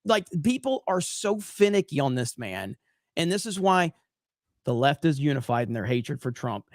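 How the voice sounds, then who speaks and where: A man's voice: fairly high pitch, sing-song. A male political streamer with a slightly raised voice argues heatedly and swears often. The sound is dry and close, with no room echo. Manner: heated, profane, rapid back-and-forth. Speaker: political commentary streamer host. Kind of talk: casual political commentary.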